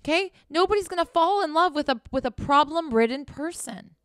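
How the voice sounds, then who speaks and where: A woman's voice: sits high, animated, fairly quick, a bit bright, dry recording, studio quality. A woman talking straight to the viewer in a candid motivational monologue, blunt, profane and sarcastic, scolding the listener directly. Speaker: host.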